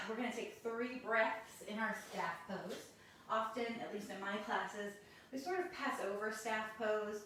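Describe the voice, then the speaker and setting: A woman yoga instructor guiding a class through poses, calm and practical, slightly out of breath as she does the poses with the class. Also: medium pitch, measured pace, slight background noise. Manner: calm step-by-step cues with self-aware asides. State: a little out of breath while doing poses. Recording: very echoey room, mic at a distance.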